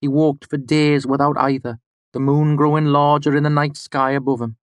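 A man narrating a fairy tale in an audiobook, with a measured, rhythmic storytelling delivery. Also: a little high, flat delivery, clean tone, no room sound.

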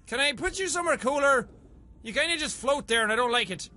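A very high-voiced man chatting through a game session, his pitch leaping all over the place. His tone is bright and sharp, and he swears and yelps at every scare. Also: moderate pace, a little hiss or hum. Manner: excitable, swears freely, yelps when startled. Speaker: let's play gamer. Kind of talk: casual gameplay commentary.

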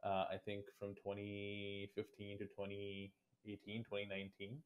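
In a casual interview, a guest in his twenties from India responds to questions with careful reflection. His delivery is completely flat, his voice lowish, and his pace normal.

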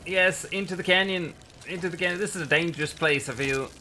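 Guy doing let's play commentary, bright sharp voice, little bit of ambience behind him. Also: high voice, fairly quick, slight background noise. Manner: excitable, yelps in panic and laughs at mishaps. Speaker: gaming channel host.

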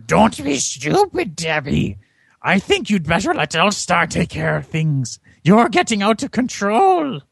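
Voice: medium pitch, wildly swooping pitch, unhurried, gravelly, slightly rough, no room sound, full character voice. A podcaster voicing a scheming middle-aged female witch mentor in a comic script reading, speaking in a sly way. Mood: stern.

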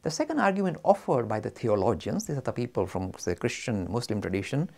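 A middle-aged man giving a lecture, animated and acting out both sides of an argument. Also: mid-range voice, quick pace, gravelly. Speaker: religious studies speaker.

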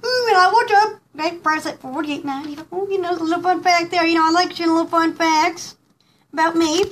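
Super high pitched woman gushing over jewelry, giggly and rambly, lots of um and like. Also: quick pace, fairly bright tone. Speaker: host showing pearl jewelry. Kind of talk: casual live product showcase.

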